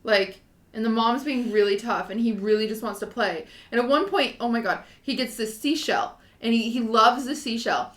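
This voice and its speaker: A young woman in her twenties, a podcast co-host, chatting casually and telling a story in an animated way, full of fillers. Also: on the high side, moderate pace, reverberant. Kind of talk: casual chat.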